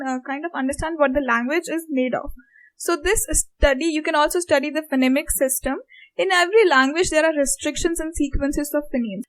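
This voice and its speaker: Indian english woman teaching an online lecture, fairly high voice, says example words over and over. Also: low-quality recording. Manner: explains patiently, repeating example words aloud.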